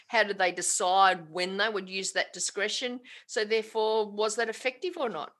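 A woman's voice: medium pitch, fairly even intonation, moderate pace, a bit bright. An Australian woman, a tax agent, chatting candidly in an interview, rambling with frequent restarts and self-corrections.

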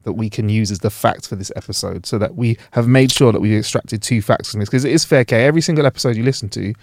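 A man's voice: fairly low pitch, fast, creaky, a little mellow, no echo, clean studio sound. A man co-hosting a podcast, chatting casually and laughing easily. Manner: laughing, easygoing storyteller. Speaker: podcast co-host. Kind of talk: casual chat.

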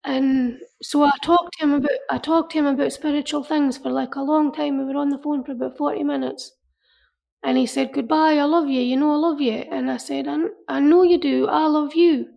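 Woman, emotional recollection, earnest, halting, repeats herself, high raspy voice. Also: steady tone. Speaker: interviewee. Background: soft music.

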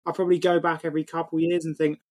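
Guy on a podcast, animated and sweary, voice sits a bit high. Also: very fast. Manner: animated, swears freely, quotes film lines. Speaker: podcast co-host. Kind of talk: casual chat.

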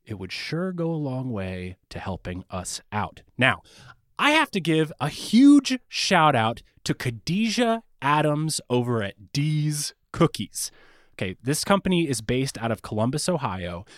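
A man's voice: medium pitch, no echo, clean studio sound. A man hosting a podcast, reading announcements and an ad with enthusiasm. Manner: enthusiastic, animated. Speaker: podcast host. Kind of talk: podcast narration and ad read.

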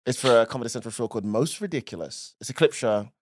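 A man's voice: mid-range voice, expressive, quick pace, noisy background. A man in his thirties with a Black Country accent and a lisp on his S sounds, co-hosting a casual comedic chat in a blunt, teasing way. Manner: blunt, teasing, laughs often. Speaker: podcast co-host.

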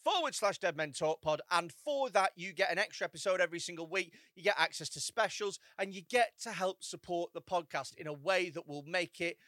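Man, podcast co-host, high animated voice, dry mic. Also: a little fast, hardly any pauses, no echo. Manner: playful, slips into silly voices. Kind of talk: casual comedic banter and ad read.

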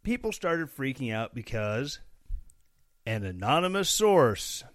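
A man's voice: medium pitch, big pitch swings, slow. A young man from Missouri hosting a casual solo podcast, rambling and joking with sarcastic asides. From Missouri, USA. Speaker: podcast host.

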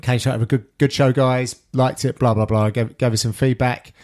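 A man hosting a podcast, telling stories in casual chat with animated, sweary delivery. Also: mid-range voice, normal speed. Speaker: podcast host and sports commentator.

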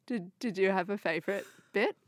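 A woman co-hosting a casual film podcast, animated and laughing often as she retells scenes. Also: mid-range voice, brisk, no echo, clean studio sound. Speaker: podcast co-host.

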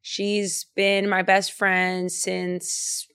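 Young woman podcast host, animated teasing storyteller, casual chat. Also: mid-range voice, drawn-out words, clean tone. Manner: animated, playful teasing, acts out quotes.

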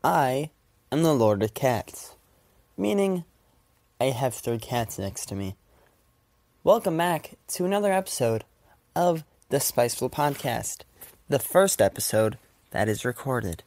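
A man's voice: medium pitch, very animated, measured pace, long pauses, darkish tone. A man hosting a casual solo podcast at home with a stuffy nose, rambling, laughing often and swearing offhandedly. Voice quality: congested, nasal. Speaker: podcast host. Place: at home with his cats.

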